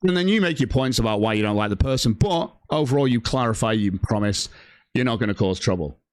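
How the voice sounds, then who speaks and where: A man's voice: mid-range voice, lively intonation, fast talker, no echo, clean studio sound. A man ranting angrily on his livestream, swearing heavily and reading out chat messages. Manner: profane, heated, reads chat aloud. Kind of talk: angry stream rant.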